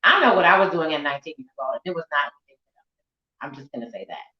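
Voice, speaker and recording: A woman's voice: low voice, big pitch swings, fast. Chatty woman in a roomy dull recording. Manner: chatty, rambling, laughs easily. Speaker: interviewer. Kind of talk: casual interview conversation.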